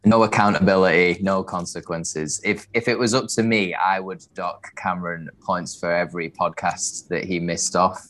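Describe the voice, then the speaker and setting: Deep-voiced wry man. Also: fairly even intonation, normal speed, hardly any pauses, a bit bright. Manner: wry, self-mocking, laughs often. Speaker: podcast co-host. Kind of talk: casual chat.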